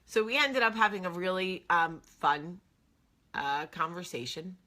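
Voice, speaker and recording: Bright-voiced chatty woman telling a story. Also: on the low side, lively intonation, measured pace. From New Jersey. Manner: chatty, emotional, filler-heavy. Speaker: host. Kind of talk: casual storytelling.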